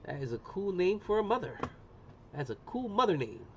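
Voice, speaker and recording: A middle-aged man chatting casually on a live stream as he demonstrates an engraving job, slangy and talkative, often saying "boom". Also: very animated, moderate pace. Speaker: livestreamer doing laser engraving. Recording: muffled lo-fi sound with faint room noise.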